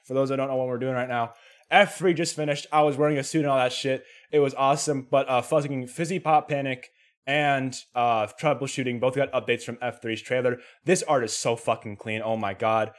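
A young man with a tired, hoarse voice gives excited, swearing commentary while playing a rhythm game. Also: mid-range voice, brisk. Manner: excitable, swearing, exclamatory reactions. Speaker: gaming streamer. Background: faint game music.

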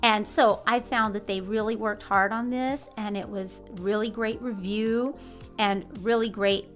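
A woman's voice: medium pitch, steady tone, measured pace, a bit bright, soft background music. Upbeat woman co-hosting a review. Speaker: homeschooling mom and channel co-host. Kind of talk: casual curriculum review chat.

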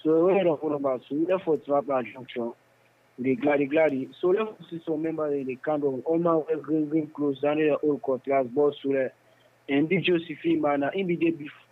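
Man with a Sierra Leonean Krio accent on a tinny phone line. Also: on the high side. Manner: halting, repetitive storytelling. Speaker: interviewee. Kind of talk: phone interview testimony.

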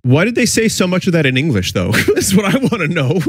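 A man's voice: on the high side, big pitch swings, fast talker, slightly rough, no room sound, clean studio sound, soft background music. A man from the New York area chatting casually as a streamer, mocking old commercials with wry, joking remarks. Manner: wry, mocking, laughs often. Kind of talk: casual chat with jokes.

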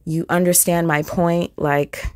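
A woman's voice: fairly low pitch, flat delivery, a little slow, darkish tone, no echo, clean studio sound. A woman hosting a commentary video, talking bluntly and scornfully and asking her viewers rhetorical questions. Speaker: commentary channel host. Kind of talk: opinionated commentary.

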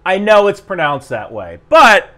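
Chuckling man with softened Jersey accent. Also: high voice, huge pitch swings, measured pace. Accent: General American, softened New Jersey. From New Jersey. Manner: chuckling, rambling, self-interrupting. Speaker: YouTube commentator. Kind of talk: casual commentary.

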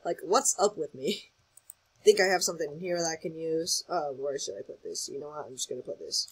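A gaming channel host, excitable and rambling, gives casual commentary on gameplay, thinking aloud and reacting to events as they unfold. His middling-pitched voice has a husky, breathy edge, and he talks fairly quickly. The recording is rough.

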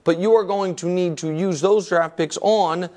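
Emphatic studio debate co-host, man, higher pitch, pushy delivery. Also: fairly even intonation, normal speed, darkish tone. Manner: emphatic, argumentative, interrupts often. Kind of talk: heated sports debate.

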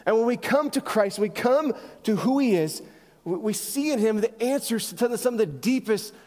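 A man with a high-pitched voice preaching in a church sanctuary. He leans on rhetorical questions and emphatic pauses, and his voice rings out with a long hall echo. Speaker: pastor. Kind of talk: sermon.

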